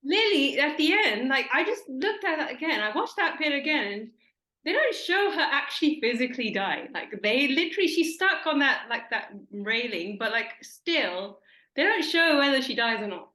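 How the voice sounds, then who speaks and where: A woman's voice: high voice, sing-song, moderate pace, pushed and bright, reverberant. A woman hosting an interview, talking in an enthusiastic, chatty way with many fillers and restarts. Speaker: interviewer host. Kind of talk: casual interview.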